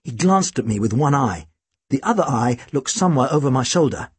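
A man's voice: medium pitch, animated, fairly quick, slightly rough, no room sound. A man reading an audiobook, narrating in a dry, wry storytelling manner. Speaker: audiobook reader.

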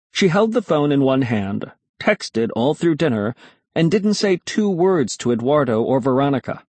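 Husky, animated male storyteller. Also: medium pitch, no room sound. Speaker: audiobook narrator. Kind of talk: first-person storybook narration.

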